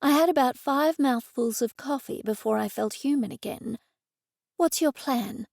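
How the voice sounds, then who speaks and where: Gravelly, close woman audiobook narrator. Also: high-pitched, moderate pace, darkish tone, no room sound. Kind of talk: scripted first-person audiobook narration.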